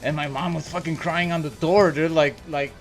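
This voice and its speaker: A man's voice: on the high side, steady tone, normal speed, faint music behind. Swearing, laughing man telling stories. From El Paso, Texas. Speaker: podcast co-host. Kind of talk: casual chat, crude storytelling.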